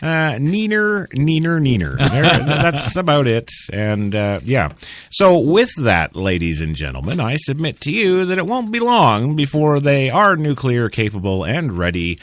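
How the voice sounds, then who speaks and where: A man's voice: medium pitch, big pitch swings, a little slow, fairly bright tone. A man with an American accent hosting a talk radio show, sarcastic and mocking, laughing often. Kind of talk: casual talk radio commentary.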